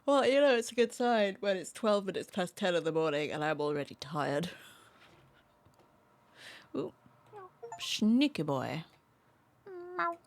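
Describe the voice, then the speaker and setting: A woman's voice: fairly low pitch, a little fast, few pauses. A woman streaming a casual game from home, chatting playfully and talking to the cats on screen. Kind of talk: casual gameplay commentary.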